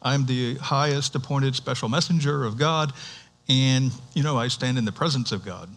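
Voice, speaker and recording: A man's voice: mid-range voice, normal speed, a bit bright. A man voicing the archangel Gabriel as a casual, matter-of-fact male messenger who talks in an offhand, amused way.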